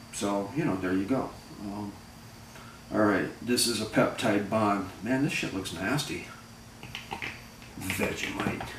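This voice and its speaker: A man's voice: lowish voice, background noise. A man telling a story casually to camera, rambling and profane, with lots of fillers. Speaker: vlogger. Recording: echoey room, voice far from the mic, clattering dishes.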